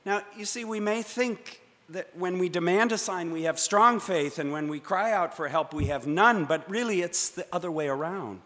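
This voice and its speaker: A man preaching a sermon from the pulpit, measured and dramatic, with pauses for effect. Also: high-pitched, bright, forceful tone. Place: church sanctuary. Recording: long church reverb.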